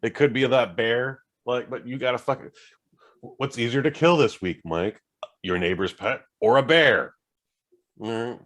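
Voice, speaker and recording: A man's voice: medium pitch, unhurried, fairly bright tone. A man co-hosting a podcast, riffing jokes in casual banter with frequent restarts. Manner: jokey, riffing, hesitant restarts. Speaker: podcast co-host.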